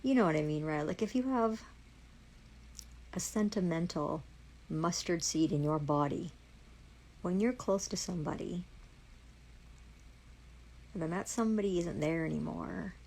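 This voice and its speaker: A woman's voice: on the low side, animated, unhurried, gravelly, long pauses, darkish tone, rough recording. A woman with a Canadian accent, swearing constantly in a heated, accusing rant on a livestream.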